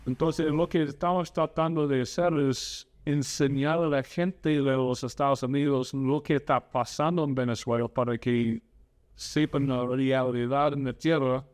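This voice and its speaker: With a clear, resonant voice of medium pitch, a podcast host speaks at normal speed in a steady tone. His casual political chat is earnest and opinionated, and he slips into Spanish to interview.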